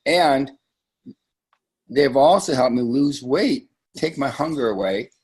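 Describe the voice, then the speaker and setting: A man's voice: medium pitch, expressive, slow pace, husky. A man hosting a live sales training call for his team, talking in a conversational, emphatic way with frequent asides.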